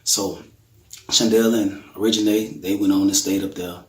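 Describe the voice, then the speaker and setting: A man's voice: lowish voice, fairly even intonation, moderate pace. A middle-aged man telling his daughter's testimony in a colloquial, earnest way, acting out quotes with sudden bursts. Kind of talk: emotional testimony storytelling. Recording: echoey room.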